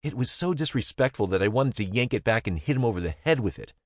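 A man's voice: medium pitch, animated, quick pace, no room sound, studio quality. A young man reading a first-person novel aloud in a wry, easygoing way. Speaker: narrator. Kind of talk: first-person audiobook narration.

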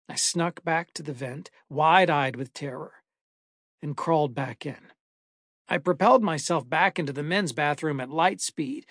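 A man reading a first-person horror story aloud in a measured, dramatic way. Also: a little high, a bit bright, dry recording, clean studio sound. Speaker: narrator. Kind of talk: scripted horror story narration.

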